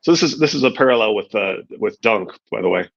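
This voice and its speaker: Husky man reading and musing. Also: on the low side, animated, fast, highs cut off. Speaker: podcast host reading aloud. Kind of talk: book reading with commentary.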